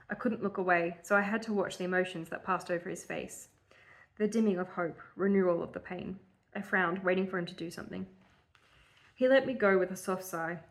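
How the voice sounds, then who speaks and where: A woman with a fairly low voice reads her own old fiction aloud for a podcast. She reads plainly, with quick asides breaking in. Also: gravelly, low-quality recording. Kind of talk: casual chat and reading aloud.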